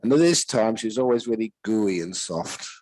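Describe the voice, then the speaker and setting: In poor audio without echo, an older monk with a British accent speaks at a moderate pace in a fairly low voice. His Dharma talk is laid-back and full of amusing tales that make him chuckle at himself.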